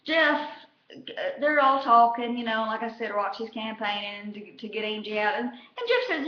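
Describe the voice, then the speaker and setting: A woman with a drawl rambles through a reality show recap, swearing freely and piling on fillers. Her voice sits a little high and comes across bright and forceful. The sound is roomy and echoey, with a dull, lo-fi quality. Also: moderate pace, slight background noise. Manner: profane, rambling and gossipy, with lots of fillers. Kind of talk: casual chat.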